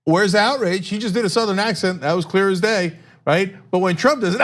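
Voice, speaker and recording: A man's voice: sits high, expressive, brisk, few pauses, a bit bright. A man hosting political commentary, sarcastic and indignant.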